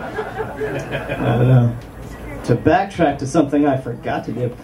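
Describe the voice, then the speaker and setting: A man's voice: mid-range voice, huge pitch swings, measured pace, vocal fry, over a noisy crowd. A young man doing a rambling, self-deprecating stand-up set at a small club. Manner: rambling self-deprecating jokes with frequent ums. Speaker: stand-up comedian. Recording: distant mic with room noise.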